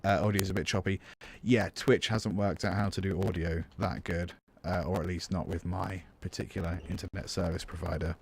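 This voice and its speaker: A British music teacher streams a composition tutorial live, chatting casually, thinking aloud, and responding to viewers between steps. His deep, creaky voice holds a steady tone and runs a little fast, over slight background noise.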